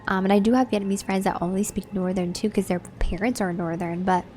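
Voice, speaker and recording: Speaking fairly quickly in a steady, mid-range, slightly mellow voice, a young livestream host from Southern California chats easily with her viewers, reading and answering their chat. Slight background noise is audible.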